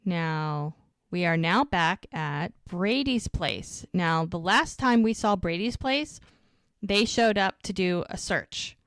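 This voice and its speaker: A chatty woman with a lowish voice retells a TV episode in a loose, rambling podcast recap. She keeps the story moving with constant "like" and "she goes." Her sound is close and dry, with no room around it. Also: lively intonation, takes it slowly, fairly bright tone, smooth, no room sound. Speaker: podcast co-host.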